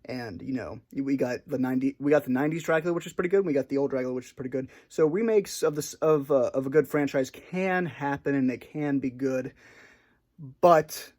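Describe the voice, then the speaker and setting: A man's voice: mid-range voice, normal speed, darkish tone. A man talking in an unscripted solo monologue for his channel, hesitant and rambling with many restarts, self-conscious about his awkwardness. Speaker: video creator.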